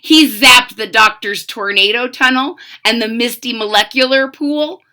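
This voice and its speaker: A young woman reading a children's picture book aloud expressively, pausing to explain the pictures. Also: on the high side. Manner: expressive storytelling with explanatory asides. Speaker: storybook reader.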